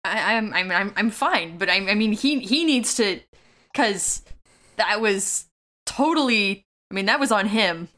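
A woman's voice: medium pitch, lively intonation, unhurried, sharp tone. A woman voicing a proud, embarrassed young adventurer in a tabletop game, stammering defensively.

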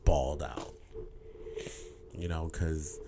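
Low gravelly man, rambling candid talk. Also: fairly even intonation, slow, noisy background. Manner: rambling, repeats words, swears casually. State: emotional. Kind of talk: candid personal monologue.

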